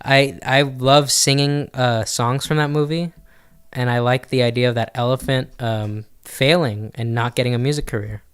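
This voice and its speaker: A man's voice: mid-range voice, steady tone, moderate pace, clear, resonant tone. A man co-hosting a casual podcast, opinionated and breaking into bits of song as he talks. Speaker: podcast co-host. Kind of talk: casual chat.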